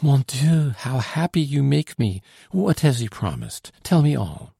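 A man reading an audiobook, voicing an anxious young noblewoman who questions urgently in a raised, lively voice. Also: medium pitch, normal speed, creaky, slightly rough, dry recording, studio quality, voice pushed up. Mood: urgent, eager. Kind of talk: audiobook character voice.

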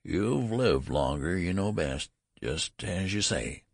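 A man voicing an old man who is a newborn son, with a raised, quavering gravelly voice. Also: low-pitched, animated, takes it slowly, no echo, studio quality, heavily acted. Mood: mock-respectful.

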